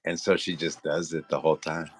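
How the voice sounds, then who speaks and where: Low-voiced, laid-back male co-host. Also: little pitch movement, a little fast, breathy edge. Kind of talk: casual chat.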